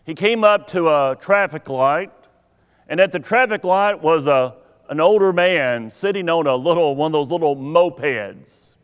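Slow-preaching man in a reverberant hall. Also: fairly high pitch, clean tone. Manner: slow, deliberate storytelling with dramatic pauses. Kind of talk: sermon with an illustrative story.

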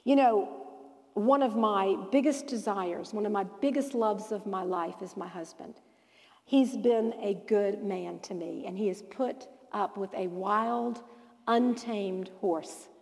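A woman teaching a Bible lesson to a live audience in a lively preaching style, telling stories and acting out the dialogue. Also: mid-range voice, slow, big-room sound. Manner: animated storyteller who acts out quoted dialogue.

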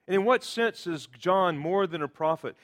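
A man's voice: high voice, animated, normal speed, fairly bright tone. A man preaching a sermon, explaining scripture with emphatic quotations. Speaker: pastor.

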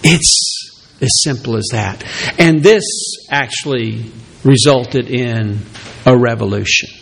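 A man's voice: takes it slowly, creaky, husky. A man preaching a sermon as pastor, who acts out voices of the people in his story. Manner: animated preaching, acts out Peter's reluctant excuses in a high voice.

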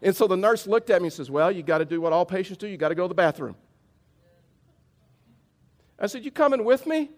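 A man's voice: high voice, fairly quick, long pauses. A middle-aged male pastor preaching a sermon, mixing a humorous personal story with earnest teaching. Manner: storytelling, animated when telling the funny part, somber when preaching.

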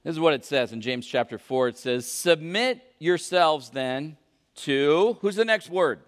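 A man preaching a sermon as pastor, questioning the congregation and swinging between loud emphasis and hushed intensity. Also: fairly high pitch, animated, a little slow. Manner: questions the congregation and calls for answers. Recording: long reverb of a large hall.

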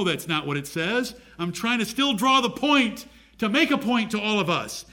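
A man's voice: sits high, sing-song, moderate pace, sharp tone. A man preaching a sermon, reading scripture aloud and asking his listeners direct questions.

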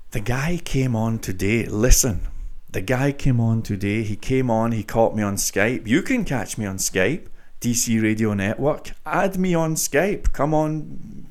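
A man hosting his own show, speaking to listeners in a deliberately slow, mock-grandiose monologue. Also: mid-range voice, a little mellow. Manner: drawn-out, mock-grandiose delivery. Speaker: show host.

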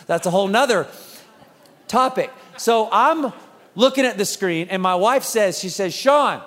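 A man's voice: high voice, animated, moderate pace, fairly bright tone. A man in his thirties preaching a sermon, telling stories with humor and acting out family scenes. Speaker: pastor. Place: church sanctuary. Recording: long church hall reverb.

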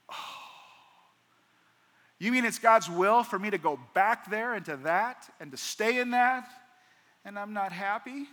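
A man's voice: high-pitched, measured pace, long pauses, bright, forceful tone. A man pastor preaching a sermon, acting out dialogue and firing off rhetorical questions. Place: large church hall. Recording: long hall reverb.

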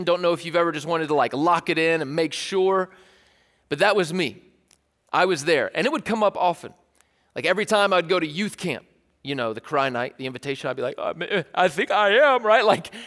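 A man's voice: high-pitched, a bit bright. A man from East Tennessee, preaching a sermon in a loose, joking, conversational way and often repeating himself. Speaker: pastor. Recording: church hall with long reverb.

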